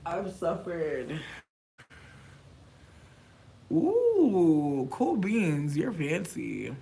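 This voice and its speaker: Man vlogger, slightly high voice, very lively and profane, loud bursts then muttered asides. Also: extremely slow, gravelly, slight background noise. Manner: animated and profane, swinging from loud outbursts to mumbled asides. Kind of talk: casual chat to camera.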